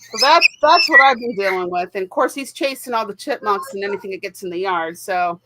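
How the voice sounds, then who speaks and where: A woman's voice: mid-range voice, lively intonation, normal speed, heavy background noise. A woman co-hosting a casual chat, telling rambling stories and laughing often. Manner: chatty storyteller, laughs often. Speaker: co-host.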